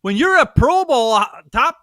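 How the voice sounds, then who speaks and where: A man co-hosting a casual sports talk show, excitable and arguing hard for his picks. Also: very high voice, normal speed, no echo, studio quality. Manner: excitable, argues his picks, swears a little.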